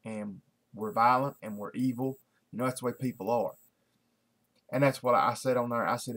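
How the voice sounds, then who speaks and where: A man's voice: medium pitch, moderate pace, pauses often, fairly bright tone. A man, talking to camera in a casual, rambling daily video blog, full of fillers and restarts. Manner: folksy, repetitive, many fillers and restarts.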